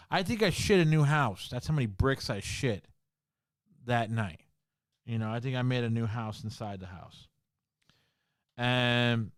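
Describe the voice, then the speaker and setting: A man hosting a podcast, telling a ghost story in casual talk full of swearing and slang, dropping to a hush in the scary parts. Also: fairly low pitch, no echo, clean studio sound. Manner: swearing, slangy, full of "bro" and "you know"; drops to a hushed voice in the scary parts. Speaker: podcast host.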